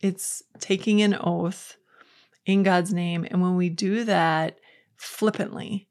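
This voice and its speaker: A woman's voice: lowish voice, steady tone, slow pace, a little mellow. A woman hosting a faith podcast, giving an earnest, conversational Bible teaching with quotes acted out. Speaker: podcast host.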